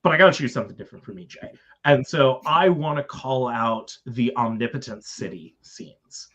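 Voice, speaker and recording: A man's voice: mid-range voice, normal speed, a bit bright. A man co-hosting a live stream movie discussion, talking enthusiastically and rambling with many fillers. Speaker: podcast co-host.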